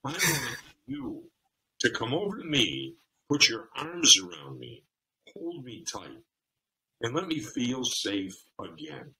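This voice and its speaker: Guy doing a upset woman begging her partner for comfort, slightly higher, bright voice. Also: huge pitch swings, slow pace, full character voice, poor audio. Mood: pleading. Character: distraught adult woman pleading for comfort.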